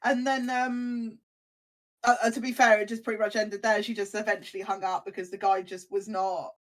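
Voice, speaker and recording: A young woman on a casual podcast chat, telling animated anecdotes and acting out the other voices in them. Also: medium pitch, normal speed. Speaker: podcast co-host.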